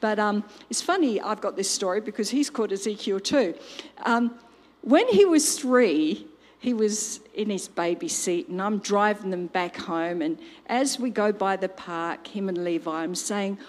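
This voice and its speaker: A woman's voice: medium pitch, expressive, measured pace. An older woman preaching a sermon, telling a family story and acting out quotes and sound effects. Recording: long hall reverb.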